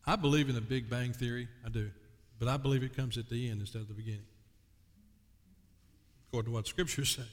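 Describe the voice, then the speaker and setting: A male pastor preaching a sermon, reading scripture aloud and dwelling on key words with slow emphasis. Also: medium pitch, fairly even intonation. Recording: long hall reverb.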